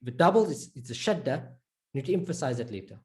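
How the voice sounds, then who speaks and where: A woman teaching an online lesson, patiently repeating points, checking in with learners and slowly drawing out example words. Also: extremely low pitch, expressive, darkish tone. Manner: slowly drawn-out word demonstrations. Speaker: Arabic reading teacher.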